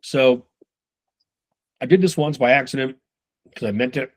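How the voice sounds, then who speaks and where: Casual, profane male sales trainer. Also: medium pitch. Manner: loose and profane, acts out quick dialogue. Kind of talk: casual coaching talk.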